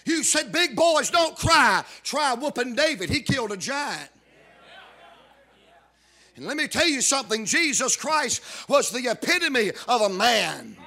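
A man preaching a sermon, repeating call-outs to the congregation and rising into shouted emphasis. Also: very high voice, very animated, unhurried, gravelly. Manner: builds to shouted emphasis, calls out "are you listening".

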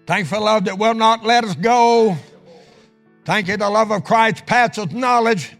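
Man, pastor, fervent chanted preaching, gravelly fry, soft music underneath. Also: high voice, measured pace. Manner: impassioned preaching with chanted, sung-out phrases; drops to a hushed voice in prayer. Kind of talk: sermon. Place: church sanctuary.

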